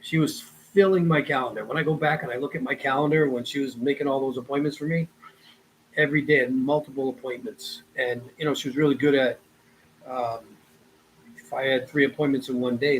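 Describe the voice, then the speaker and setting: A man's voice: mid-range voice, slight background noise, low-quality recording. A real estate agent, a man, telling a personal work story in a loose, casual way with many repeats and restarts.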